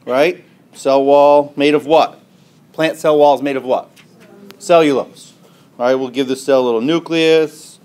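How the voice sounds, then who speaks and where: A man's voice: medium pitch, steady tone, a little slow, a little mellow. Man lecturing, drawing as he explains. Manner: asks questions and answers them, tags lines with "right?" and "okay?"; drawing on a board while explaining. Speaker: biology lecturer. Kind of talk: classroom lecture.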